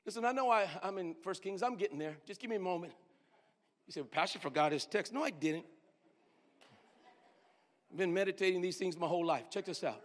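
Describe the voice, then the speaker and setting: A man pastor preaching a sermon with emphatic delivery, swinging from shouted lines to low, quiet asides. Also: a little fast, pauses often. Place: church sanctuary. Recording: long hall reverb.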